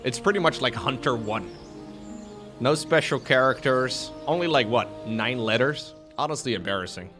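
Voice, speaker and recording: A man's voice: mid-range voice, expressive, moderate pace, music in the background. A young man streaming games, chatty and sarcastic, who laughs often. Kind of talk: casual gameplay commentary.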